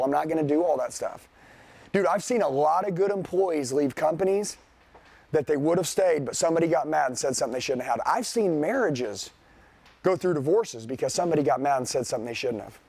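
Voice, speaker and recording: A man's voice: fairly high pitch, a little mellow, slightly rough, no echo. Profane, fired-up male sales trainer. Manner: profane, blunt, fired-up, addresses the crowd directly. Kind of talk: motivational seminar talk. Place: seminar room with a live audience.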